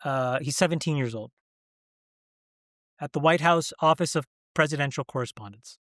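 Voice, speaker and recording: A middle-aged man as an interview guest, talking candidly and emphatically, pressing his point with rhetorical questions and halting when he gets emotional. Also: fairly high pitch, fairly bright tone, no echo, studio quality.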